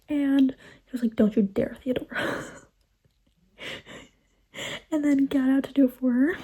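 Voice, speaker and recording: Gushing high-voiced young woman, whispery asides. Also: warm tone, husky, poor audio. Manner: gushing, laughs often, drops into whispers. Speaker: book vlogger. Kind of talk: casual reading vlog chat.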